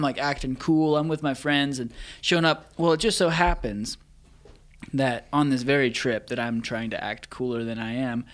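A young man telling a funny, embarrassing story in a relaxed, chatty way. His voice sits in the middle range and he laughs through the telling. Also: medium pitch. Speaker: guest storyteller. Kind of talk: casual storytelling.

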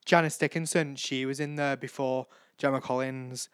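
A man's voice: medium pitch, steady tone, normal speed, fairly bright tone, clear, resonant tone, dry recording, clean studio sound. A young man hosting a solo podcast, gushing and rambling and swearing freely. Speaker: podcast host. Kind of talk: casual solo podcast chat.

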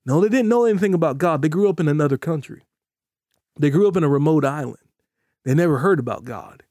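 A man delivering a podcast sermon in a warm, mellow voice, a little high for a man. He preaches emphatically and drags out key phrases when he stresses scripture. The recording is dry and close, with no room sound. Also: expressive, quick pace, no room sound. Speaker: pastor.

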